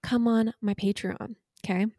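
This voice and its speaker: A woman's voice: mid-range voice, fairly even intonation, normal speed, dark tone, no echo, studio quality. A young woman co-hosting a podcast, telling a story animatedly and acting out quoted dialogue in casual chat. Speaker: podcast co-host.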